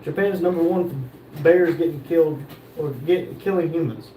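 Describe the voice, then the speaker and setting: A man livestreams from a shop, reading viewer comments aloud and joking back at them in casual chat. His voice is fairly high-pitched and warm, at a moderate pace, with a faint hiss or hum in the background.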